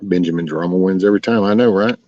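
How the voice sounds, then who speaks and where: A Texas live streamer talks fast in a low, warm voice, responding to viewers in a rambling, folksy manner. The recording is dry, with dull lo-fi stream quality.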